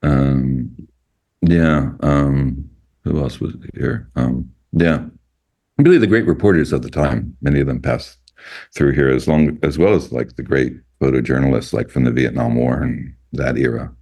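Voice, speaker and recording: A man in his sixties from the United States, a guest photojournalist telling animated, laughing anecdotes in casual conversation. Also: rumbling low, a little slow, vocal fry. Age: 60s. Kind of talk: casual storytelling.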